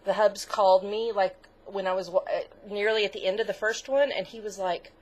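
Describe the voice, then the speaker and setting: A woman's voice: medium pitch, steady tone, brisk. A middle-aged woman co-hosting a crafts podcast in casual chat, gushing, chatty and easily moved. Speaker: podcast co-host.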